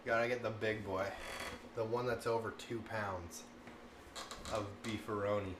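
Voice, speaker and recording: A man's voice: lowish voice, normal speed. A man in his thirties chatting casually as a cooking streamer, rambling and laughing often, with lots of "like". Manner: rambling, animated, laughs often, says "like" a lot. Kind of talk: casual chat and storytelling. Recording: echoey room, faint background noise.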